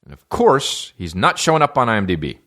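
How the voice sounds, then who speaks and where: A man's voice: mid-range voice, big pitch swings, fairly quick, pushed and bright. A middle-aged man hosting a podcast, rambling loosely through tangents with lots of swearing and restarts. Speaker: podcast host. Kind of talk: casual rambling monologue.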